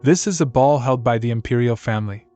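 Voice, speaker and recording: A man's voice: medium pitch, a little fast, dark tone, faint music behind, natural voice. A man voicing a proud young count anxious about his status, with a tense, fretful delivery in a storybook recap. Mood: reproachful.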